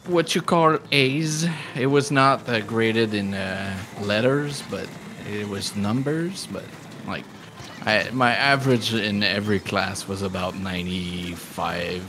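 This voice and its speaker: A man's voice: lowish voice, animated, slow pace, background noise. A man hosting a live stream, chatting casually in a rambling, self-deprecating way and laughing often. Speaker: livestream host.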